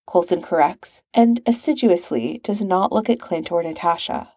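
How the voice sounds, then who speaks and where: Mellow-voiced woman narrating a story. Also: fairly low pitch, normal speed, few pauses, dry recording, clean studio sound. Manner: expressive, wry storytelling. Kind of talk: reading fan fiction aloud.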